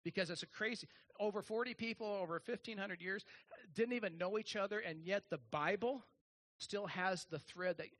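A man's voice: sits high, normal speed, a bit bright. A man preaching a sermon, folksy and joking, with many restarts and fillers. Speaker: pastor.

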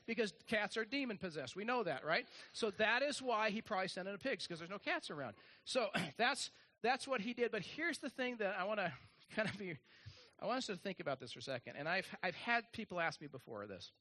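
A man's voice: sits high, sharp tone. A man preaching a sermon, folksy and joking, with many restarts and fillers. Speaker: pastor.

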